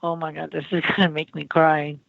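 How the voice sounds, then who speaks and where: A man's voice: fairly high pitch, completely flat delivery, a little fast, gravelly, a bit bright. A man working as a psychic medium on a live call-in show, rambling and emotional, with many fillers and restarts. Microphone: internet voice call. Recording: muffled internet call audio.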